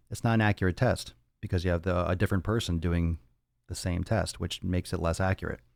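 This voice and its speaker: A man's voice: low voice, a little mellow, dry recording, studio quality. A man hosting a casual fitness podcast and answering viewer questions bluntly, with profanity and lots of repeated, rambling phrasing. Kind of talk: casual livestream Q&A.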